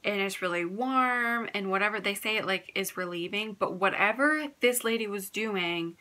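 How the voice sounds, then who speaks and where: A young woman recounts a personal story for her vlog in a loose, candid ramble, peppering her speech with "like". Her voice is bright and forward, sitting at an ordinary middle pitch. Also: moderate pace, hardly any pauses. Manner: chatty, candid, fills talk with "like". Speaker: vlogger.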